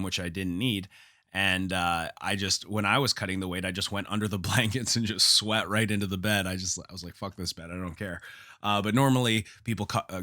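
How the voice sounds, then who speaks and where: A man's voice: low voice, bright, forceful tone, no room sound, clean studio sound. A man from Canada hosting a solo podcast, talking in a casual, rambling way and swearing freely. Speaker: podcast host.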